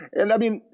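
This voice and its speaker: A man's voice: warm tone, no echo, highs cut off. A man hosting a podcast, telling a rambling casual story from his day and laughing at his own jokes. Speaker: podcast host. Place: studio.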